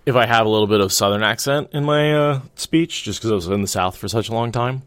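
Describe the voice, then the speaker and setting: Deep voiced guy chatting on a podcast, laid back. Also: quick pace, dry recording. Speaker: podcast co-host. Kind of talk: casual chat.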